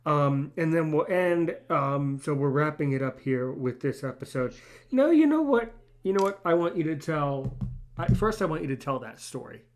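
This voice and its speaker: Excitable man hosting a podcast. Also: on the high side, normal speed. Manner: enthusiastic, joking, repeats words when starting. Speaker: podcast host. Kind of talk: casual interview chat.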